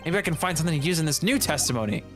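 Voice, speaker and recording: A man's voice: fairly high pitch, animated, very fast, over music, close to an everyday voice. A man voicing an earnest, easily flustered young male defense attorney in a fan-dubbed courtroom game.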